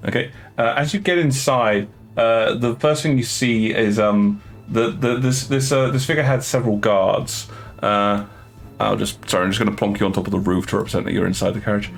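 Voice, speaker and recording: A man's voice: on the low side, steady tone, a little fast, gravelly. A man narrating as dungeon master, hesitant and full of fillers and restarts. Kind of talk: narrating a tabletop game.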